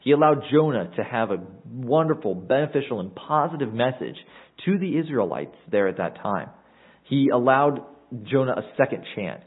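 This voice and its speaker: A man's voice: medium pitch, sing-song, normal speed, slightly rough. A man preaching an earnest expository sermon, reading scripture aloud and explaining it to his listeners. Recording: tinny phone-like recording.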